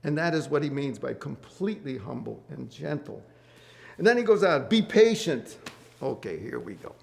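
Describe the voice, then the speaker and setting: A man's voice: mid-range voice, sing-song, moderate pace, creaky. A middle-aged man hosting a marriage study group, giving earnest Bible teaching to couples. He repeats key words and asks the group questions.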